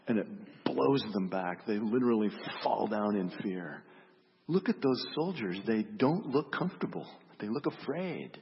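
A man's voice: lowish voice, lively intonation, moderate pace, husky, in a large hall, lo-fi sound. A man preaching a sermon in a reflective, storytelling way, often repeating his questions. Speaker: pastor.

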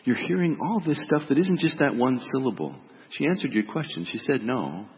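A middle-aged man, a pastor, giving a reflective, gentle sermon and dropping softly on key words. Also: medium pitch, sing-song, fairly quick. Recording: dull reverberant hall recording.

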